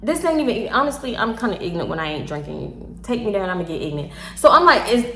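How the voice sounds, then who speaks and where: A woman's voice: mid-range voice, quick pace. A young woman with a Houston accent, a little tipsy, telling a story casually and acting out the quotes, with frequent laughs and swearing. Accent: Southern US, Houston. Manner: animated, laughs often, swears freely, acts out quotes. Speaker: storytime vlogger. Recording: echoey room.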